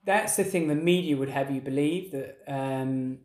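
A man's voice: medium pitch, moderate pace, a little mellow, echoey room. A man in his thirties co-hosting a podcast, chatting casually and rambling through restarted sentences. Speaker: podcast co-host. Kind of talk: casual chat.

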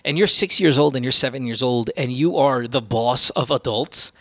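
Man, podcast host, casual rant, crisp bright tone, dry close sound. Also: mid-range voice, moderate pace, no room sound. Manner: opinionated, swears freely.

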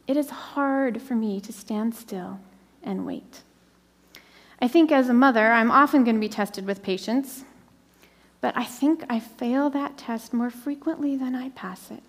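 A middle-aged woman preaching a sermon, slowing down and dropping to a soft whisper for emphasis. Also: fairly high pitch, in a large hall.

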